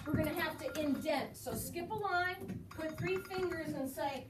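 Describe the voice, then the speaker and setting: A woman teaches a roomful of children, her voice high and encouraging. She is heard from across an echoey classroom. Noise runs under her voice throughout. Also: a little slow, distant mic. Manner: encouraging, praising students often. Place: school classroom. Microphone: recorded from across the room.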